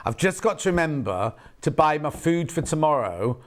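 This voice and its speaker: This man hosts a live shopping broadcast from a TV studio, and his voice sits a little high for a man. He rambles cheerfully between bolts of fabric and reads each price aloud in a casual sales patter. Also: big pitch swings, normal speed. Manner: chatty and rambling, reading out prices between asides. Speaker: shopping channel presenter.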